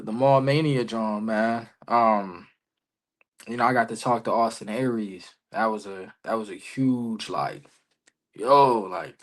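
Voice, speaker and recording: A young man tells a story at his usual middle pitch, animated and full of casual slang. He acts out each line of dialogue as he goes. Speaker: podcast guest, professional wrestler.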